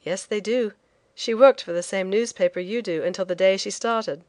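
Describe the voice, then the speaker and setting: A woman reading the lines of a brisk male shipping agent who speaks with blunt certainty. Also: medium pitch, a little mellow, dry recording, close to an everyday voice. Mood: insistent. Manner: brisk, insistent.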